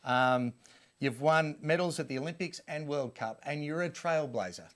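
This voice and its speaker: Male co-host, somewhat high voice, hearty and effusive with guests. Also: normal speed, fairly bright tone. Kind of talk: studio sports show hosting.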